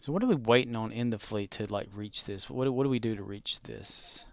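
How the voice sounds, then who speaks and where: Smooth-voiced offhand male game streamer. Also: fairly low pitch, brisk, dry recording. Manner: rambling and offhand, with many fillers and restarts. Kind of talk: casual live-stream chat while gaming.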